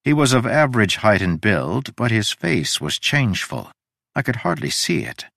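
A man narrating a story in a measured, descriptive way. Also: medium pitch, big pitch swings, creaky, fairly bright tone, no echo, clean studio sound.

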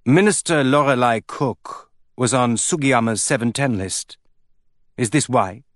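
A man reading an audiobook, voicing a calm, measured man who speaks quietly and incisively. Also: dry recording, studio quality, close to an everyday voice. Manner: measured, low.

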